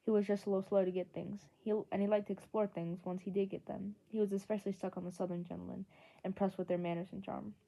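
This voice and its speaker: A woman's voice: mid-range voice, flat delivery, fast talker, gravelly, mellow. A woman reading a novel chapter aloud in an earnest way, with small slips and restarts. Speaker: audiobook reader. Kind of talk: amateur audiobook narration.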